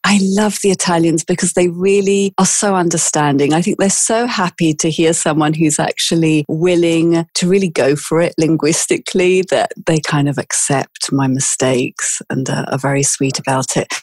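A woman's voice: sits low, normal speed, hardly any pauses, a little mellow, slightly rough, dry recording, clean studio sound. A middle-aged British woman chatting as a podcast guest, easygoing and self-deprecating, with filler words. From England. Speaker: podcast guest, yoga teacher. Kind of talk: casual interview chat.

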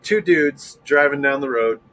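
A man co-hosting a podcast, telling jokes in a playful, animated casual chat. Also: a little high, a little slow, slight background noise, low-quality recording. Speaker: podcast co-host.

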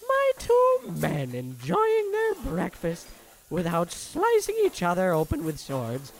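A woman's voice: lowish voice, huge pitch swings, slow pace, full character voice. A woman playing a doting, fussy mother in a comedy sketch. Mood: fond. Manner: fussy, sing-song, motherly. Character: doting mother, limbless and fussing.

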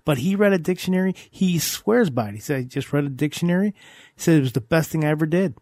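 A man's voice: on the high side, expressive, fast, darkish tone, no echo. A man hosting a casual podcast chat, enthusiastic and repetitive, often restarting his sentences. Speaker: host.

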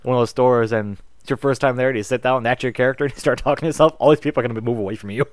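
A man with a mid-range voice co-hosting a tabletop gaming podcast, tossing in quick jokes and laughing often. His voice is close and dry on a podcast microphone. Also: mid-range voice, fairly even intonation, no room sound. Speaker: podcast co-host. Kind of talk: casual chat and read sponsor spots.

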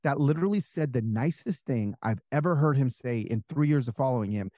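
A man telling stories in a casual interview as an author guest, animated and full of fillers, acting out the people he quotes. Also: medium pitch, brisk, no echo, studio quality. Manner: animated, acts out quoted voices, many fillers.

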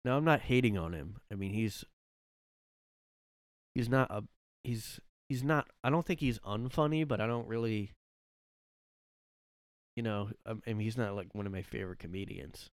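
A man's voice: fairly low pitch, expressive, moderate pace, pauses often, clear, resonant tone, no echo, studio quality. A man rambling through a casual solo podcast from his room, full of fillers and restarts. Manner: rambling, lots of fillers and self-corrections, laughs often. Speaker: podcast host. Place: home room.

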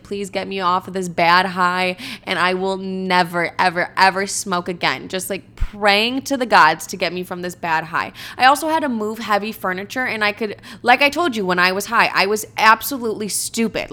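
A young woman in her twenties telling casual, profane, animated stories about her own mishaps. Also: mid-range voice. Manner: animated, profane, dramatic storytelling. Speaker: storyteller. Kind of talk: casual storytelling vlog.

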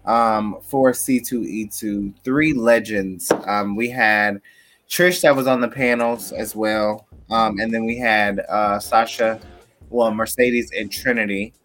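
A man's voice: fairly low pitch, steady tone, slow, a bit bright. A man co-hosting a casual chat show, talking with sassy, dramatic asides. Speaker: podcast co-host.

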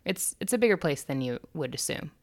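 A woman's voice: deep voice, animated, brisk, darkish tone. A young American woman co-hosting a podcast, chatting casually with crude jokes and plenty of swearing. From United States. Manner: crude, joking, swears freely. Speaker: podcast co-host. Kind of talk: casual chat.

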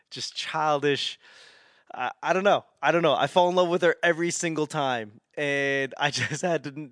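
A man's voice: a little high, a bit bright, dry recording, clean studio sound. A man casually telling a rambling story, laughing often and swearing freely.

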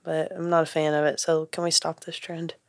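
A young woman co-hosting a casual podcast chat, dry and quick to complain, often laughing. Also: deep voice, flat delivery, background noise. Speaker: podcast co-host.

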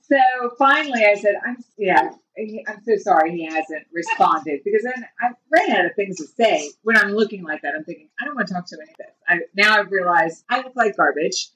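A woman's voice: medium pitch, lively intonation, brisk, hardly any pauses, a bit bright, recorded from a distance, a little hiss or hum, low-quality recording. A woman in her fifties hosting a casual chat, telling a long story with frequent laughter. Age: 50s. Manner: chatty storyteller, laughs often. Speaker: host.

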